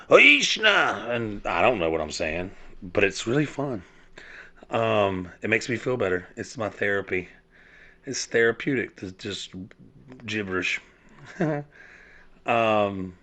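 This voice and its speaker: A South Georgia man hosts a casual podcast monologue in a lowish, slightly bright voice. He rambles and swears, full of fillers and restarts.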